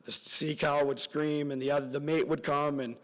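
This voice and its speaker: A middle-aged man giving a parent's graduation speech as a story, earnest and rambling, his voice dropping soft at emotional moments. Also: on the high side, flat delivery, normal speed. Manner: earnest, rambling with side stories, voice drops soft at emotional points. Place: large hall at a graduation ceremony. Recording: long hall reverb from a large venue.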